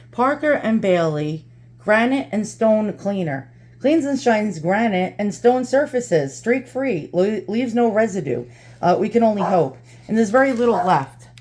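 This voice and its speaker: A woman vlogging in her home kitchen, out of breath and chatty, laughing often as she talks to the camera. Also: mid-range voice. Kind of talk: casual chat to camera.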